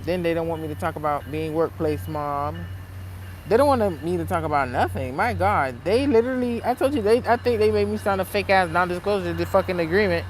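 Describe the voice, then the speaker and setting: A woman vlogging in a casual rant, blunt and profane, swinging between low muttering and loud heated outbursts. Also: expressive, brisk, a little hiss or hum, rough recording. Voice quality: blunt, heavily profane street talk. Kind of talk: casual unscripted vlog rant.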